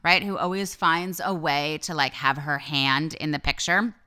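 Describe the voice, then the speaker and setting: A young woman hosting her own podcast in a loose, candid, animated way. She swears often and jumps into voices for her thoughts. Her voice sits low and sounds smooth and clear. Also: moderate pace. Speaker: podcast host. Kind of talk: casual solo podcast talk.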